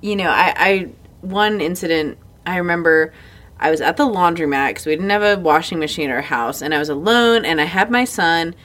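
Frank, laughing woman, a little low. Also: a little fast, a bit bright. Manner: candid, swears freely, laughs often. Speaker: podcast co-host. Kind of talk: casual chat.

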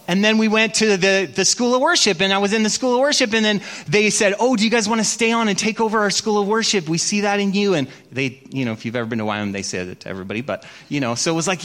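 Speaking a little fast in a high-pitched, fairly bright voice, a middle-aged pastor delivers a story-filled sermon. He mocks himself gently as he acts out his own prayers.

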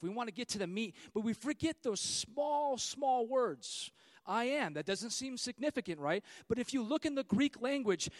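In church, a man with a very high voice preaches a sermon, rising to loud, emphatic, repeated declarations before dropping into casual asides to his congregation. The sound is close and dry, with no echo.

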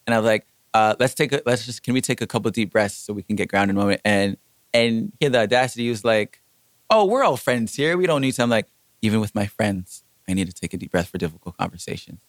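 A man's voice: fast talker, no echo. A young man in casual chat, telling a story with energy and acting out what people said. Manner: animated, acts out quotes with jumps in pitch.

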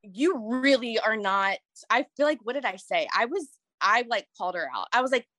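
A woman's voice: fairly high pitch, big pitch swings, quick pace, sharp tone, no echo. A woman in casual chat, telling a personal story in a rambling, emotional way with many restarts. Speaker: guest sharing a story.

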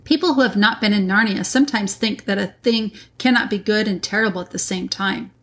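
Woman reading a kids' book aloud, steady and deliberate, middle-pitched voice. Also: slight background noise. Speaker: reader. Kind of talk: audiobook narration.

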